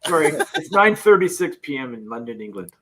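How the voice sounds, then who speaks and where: A man's voice: fairly high pitch, big pitch swings, brisk, a crowd in the background. A Canadian man hosting a casual live-stream chat from his campervan, reading out viewer comments and laughing often. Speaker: livestream host.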